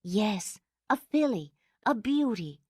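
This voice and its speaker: A woman's voice: mid-range voice, very animated, takes it slowly, husky, dry recording, studio quality, pitched above the performer's own voice, exaggerated voice. A woman reading an audiobook, voicing a tired, kind young mother who speaks reasonably. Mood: weary.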